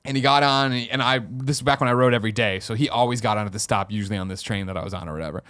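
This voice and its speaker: Fast-talking animated male storyteller. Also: medium pitch. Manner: animated storyteller, acts out quoted people. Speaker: podcast host. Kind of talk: casual storytelling chat. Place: podcast studio.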